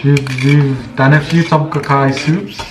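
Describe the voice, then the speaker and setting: A young South African man vlogging while cooking at home, calm and explaining each step. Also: medium pitch, a little slow, over loud music. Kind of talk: casual chat while cooking. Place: home kitchen. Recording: TV chatter in background. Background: TV show playing.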